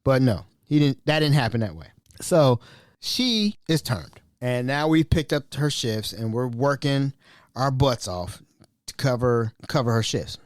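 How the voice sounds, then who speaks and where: A man's voice: unhurried, no room sound, clean studio sound. A man hosting a podcast, telling a story in a casual monologue and acting out the quotes. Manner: animated, acts out quotes with big pitch jumps. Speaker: podcast host.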